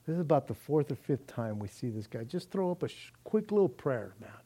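A male pastor preaching a sermon in a lively, animated way, acting out quoted speech and often saying "man". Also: mid-range voice, brisk.

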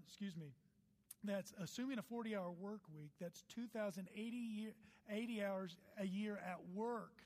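A man preaching a sermon, animated, with asides and quick quotes read to the congregation. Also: sits high, in a large hall. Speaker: pastor.

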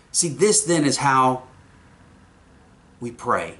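A man's voice: fairly high pitch, animated, unhurried, sharp tone. A man preaching a sermon, earnest, often repeating the first words of a phrase.

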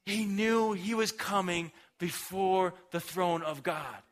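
A man's voice: high voice, slow. A young man preaching a casual, slangy sermon, retelling a story and acting out the characters' voices.

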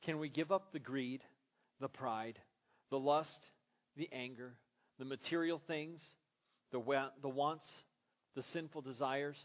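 A man's voice: medium pitch, fairly even intonation, a little slow, pauses often, dull audio. A man preaching a sermon as a pastor, earnest and full of rhetorical questions.

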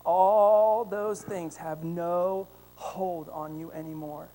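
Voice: mid-range voice, steady tone, slow pace, mellow. A pastor delivers a sermon to his church, spinning an everyday story and turning it into a lesson. He speaks straight to the congregation, tossing in "right?" to pull listeners along, and builds toward fervent, emphatic declarations. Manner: storytelling, addressing the congregation directly with rising fervor; frequent "right?" tag questions.

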